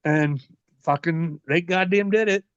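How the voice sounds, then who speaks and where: Man, 40s, wrestler guest: profane, animated storyteller, slightly high voice, dry lo-fi audio. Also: unhurried, clean tone, no echo. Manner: profane, animated, laughs often. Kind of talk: casual storytelling. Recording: dull lo-fi dry sound.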